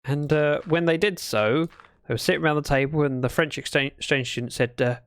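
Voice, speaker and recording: With a clean, medium-pitched voice at a fairly quick pace and no echo, a Minecraft livestreamer chats playfully as the game goes on, weaving in little stories in a casual way.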